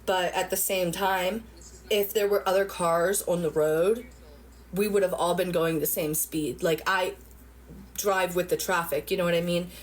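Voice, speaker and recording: Rambling, animated woman vlogger at home. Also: on the low side, unhurried. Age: middle-aged. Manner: rambling, animated retelling with lots of fillers and profanity. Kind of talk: casual storytelling to viewers.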